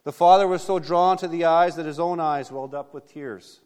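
A man's voice: fairly high pitch, moderate pace, smooth, in a large hall. A man preaching a sermon, telling a story earnestly and reading scripture aloud. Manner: earnest, steady storytelling with small restarts. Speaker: pastor.

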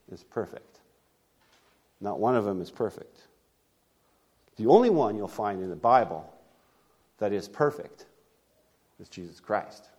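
A male pastor delivering a sermon in a conversational way, repeating key phrases, asking rhetorical questions, and swinging from loud emphasis to quiet asides. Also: medium pitch.

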